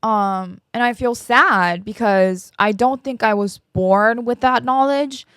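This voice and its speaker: Slow-talking woman in her twenties, candid. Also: on the high side, fairly bright tone, clean tone, dry recording, studio quality. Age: 20s. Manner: slow, emotional, rambling with fillers. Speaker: podcast host. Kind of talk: candid personal chat.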